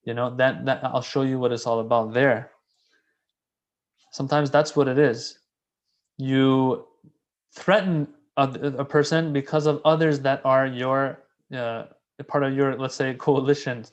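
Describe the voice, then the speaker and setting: A man giving a casual, conversational religious lecture, animated and repeating key phrases for emphasis. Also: medium pitch, unhurried, highs cut off. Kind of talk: casual sermon explaining a classical text.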